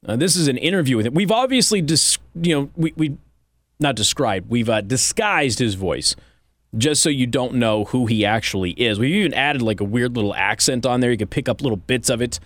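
Deadpan man hosting a satirical monologue. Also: medium pitch, a little fast, no room sound. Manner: deadpan, mock-serious sarcasm with fillers. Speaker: host.

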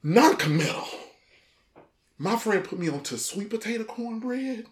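Woman, brash and profane, casual co-host chat, swooping expressive pitch. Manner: brash, profane, drawn-out emphatic delivery. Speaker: podcast co-host.

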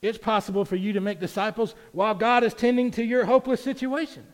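A man's voice: high-pitched, flat delivery, fast. A man, preaching a sermon in a church sanctuary, chatty at times and emphatic at others. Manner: conversational preaching, rising to emphatic peaks. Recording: reverberant church hall.

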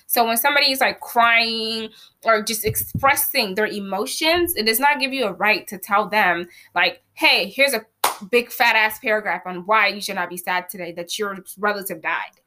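A woman in casual podcast chat, animated and talking fast with lots of fillers. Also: mid-range voice.

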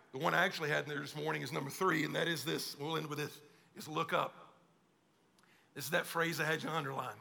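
A man's voice: high voice, gravelly, bright, forceful tone. A male pastor preaching a conversational sermon and acting out quoted voices. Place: church auditorium. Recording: long hall reverb.

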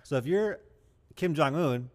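Man, podcast chat, jokey, laughs a lot, lively pitch. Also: unhurried, in a large hall. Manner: joking, tells dad jokes, laughs a lot. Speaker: podcast co-host. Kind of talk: casual chat.

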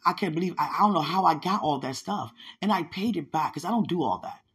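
Husky woman telling her own testimony on a podcast, earnest and chatty, keeps talking right to the listener, faint music under her. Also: fairly low pitch, lively intonation, quick pace. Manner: earnest, conversational, addresses listeners directly. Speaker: podcast host sharing a testimony. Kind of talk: personal testimony storytelling.

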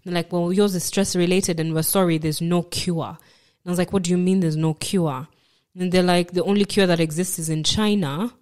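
A woman appearing as a podcast guest tells a personal story haltingly, repeating words and acting out what other people said to her. Her voice sits on the low side, with fairly even intonation and a darkish tone.

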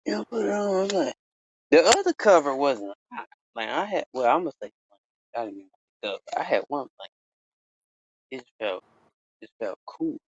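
A man tells a story on his casual podcast. He swears a lot, and his pitch swings widely as he breaks into sudden loud exclamations. The recording sounds dull and lo-fi. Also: sing-song, normal speed, pauses often, no echo. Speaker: podcast host.

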